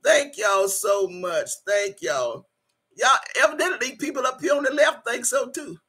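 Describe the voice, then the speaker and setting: Fronting her channel's laid-back livestream, this host speaks on the high side, expressive and a little slow, with a somewhat bright, breathy sound. She laughs often while reading comments aloud, addresses viewers as "y'all," and pushes them to like and subscribe.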